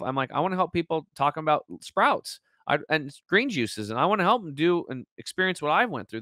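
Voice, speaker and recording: A man's voice: on the high side, animated, a little fast, few pauses, sharp tone, no room sound, clean studio sound. A man telling a personal story as an interview guest on a video call, acting out the quoted dialogue with lots of fillers.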